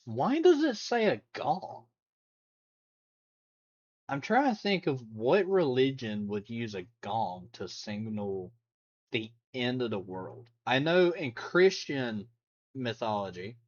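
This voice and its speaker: Slow, chatty male streamer. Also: mid-range voice, very animated, lo-fi sound. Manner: chatty, rambling, laughs and hums along. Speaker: streamer reacting to videos. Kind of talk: casual live-stream chat.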